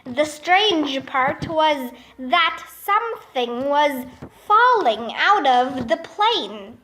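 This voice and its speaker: A woman reads a children's chapter book aloud at an unhurried pace. Her voice sits high and bright, and it leaps upward whenever a character shouts. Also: slight background noise. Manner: jumps up in pitch for excited characters' shouts. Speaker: storybook reader.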